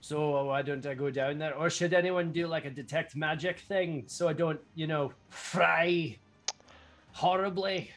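A man's voice: a little high, fairly even intonation, unhurried, fairly bright tone. A man playing a tabletop game, joking and eager to act. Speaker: player.

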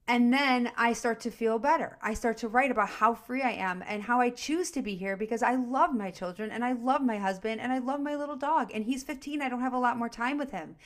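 A middle-aged woman co-hosting a podcast, talking through a self-help journaling method in an earnest, animated way with examples from her own life. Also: on the high side. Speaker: podcast co-host. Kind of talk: casual coaching talk.

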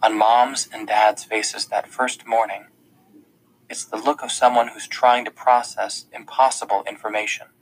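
A man's voice: fairly low pitch, level tone, unhurried, slight background noise, rough recording. A man reading a novel aloud in the first person, in a plain conversational storytelling manner. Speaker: audiobook narrator.

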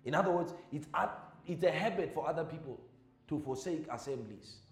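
A man preaches, his voice pitched high and driving each line twice for emphasis. He swings from shouted peaks down to low, quiet asides. The sound is roomy and echoey, with faint music under him. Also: fairly quick. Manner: emphatic, repeats lines, rises to shouts then drops low. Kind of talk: sermon. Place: church.

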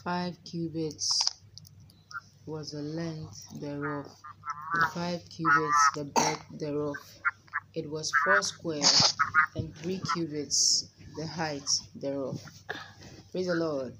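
Woman prayer leader, low and unhurried, reverent amens, noisy background. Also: fairly even intonation. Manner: slow, reverent, with frequent amens and hallelujahs. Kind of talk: informal sermon and Bible reading.

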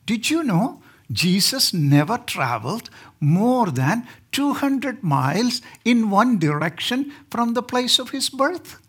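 A man's voice: very high-pitched, sing-song, takes it slowly, a bit bright, husky. Indian guy preaching at a church pulpit, cracks jokes, asks the crowd stuff. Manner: joking, asks the congregation questions. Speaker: guest preacher. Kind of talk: sermon.

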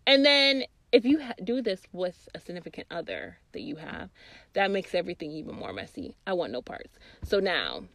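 A young woman vlogger telling a story in a casual, profane, animated way, often laughing. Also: on the low side, moderate pace.

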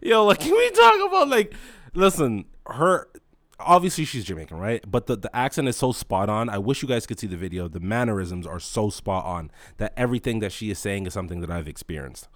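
Animated, foul-mouthed young man ranting. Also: on the low side, fairly quick, no echo. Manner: animated, profane, swings loud to mumbling. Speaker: podcast host. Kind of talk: casual comedic rant.

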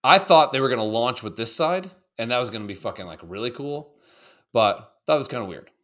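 Animated, profane man hosting a stream. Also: mid-range voice, brisk. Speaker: co-host. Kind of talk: casual livestream video reaction chat.

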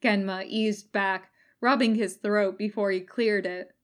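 A woman reading fan fiction aloud as a recorded podfic, in calm, even narration. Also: medium pitch, a little slow. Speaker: podfic reader.

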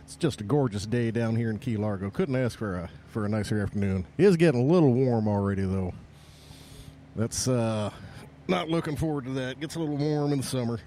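A man's voice: mid-range voice, fairly quick, dark tone, a little hiss or hum. A male musician co-hosting a podcast, chatting easily with dry quips from an outdoor bar stage by the bay. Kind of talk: casual chat.

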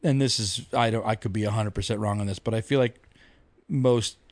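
A man's voice: fairly low pitch, steady tone, brisk, dry recording. A man co-hosting a podcast in casual chat, rambling through stories with mock-outraged quotes. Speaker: podcast co-host.

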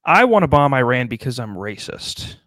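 A man's voice: mid-range voice, sing-song, sharp tone, no echo, studio quality. A man co-hosting a podcast in casual comedic chat, riffing and swearing freely. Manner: riffing, profane, does quick mock voices. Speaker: podcast co-host.

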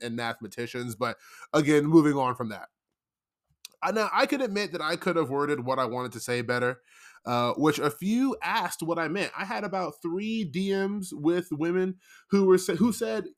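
A young man with a fairly high voice talks straight to camera in a casual commentary video. He rambles and circles back on himself, defending his point with emphatic repetition. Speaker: commentary vlogger.

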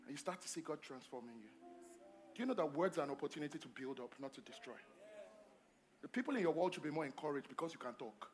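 A male pastor preaching a sermon at a church service, emphatic and repetitive, swinging between loud calls to the congregation and quiet asides. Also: on the high side, lively intonation, fast, soft background music. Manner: repeats phrases and asks the congregation questions.

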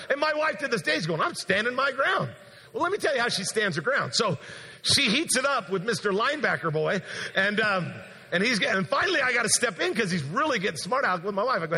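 High, gravelly pastor in a reverberant church. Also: male voice, brisk. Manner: animated anecdote with acted-out quotes. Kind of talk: storytelling sermon. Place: large church sanctuary. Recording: long church hall reverb.

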